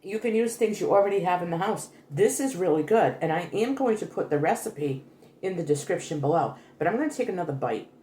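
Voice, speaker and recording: Talking a little fast in a warm, low-ish voice, an older cooking vlogger walks through a recipe in her home kitchen, where the sound is roomy. She's animated and chatty, correcting herself along the way in this casual, homey demonstration.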